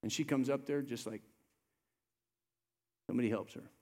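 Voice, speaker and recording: A male pastor preaching a sermon, swinging between loud urgent appeals and low soft asides. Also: moderate pace. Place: church sanctuary. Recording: live church sermon with long reverb.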